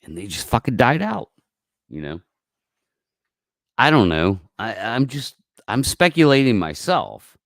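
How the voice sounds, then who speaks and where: A man hosting a casual livestream, talking in a rambling, profane way that swings from mumbled asides to loud outbursts, on a close mic. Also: mid-range voice, big pitch swings, unhurried, creaky, pauses often, no echo. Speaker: livestream host.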